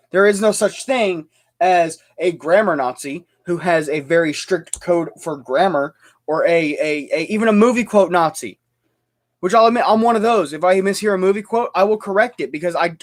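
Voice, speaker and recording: Young man with a high voice, heated livestream rant, fired up and tripping over his words. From United States. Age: young adult. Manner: fired-up, repetitive, stumbling restarts. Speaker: livestream host.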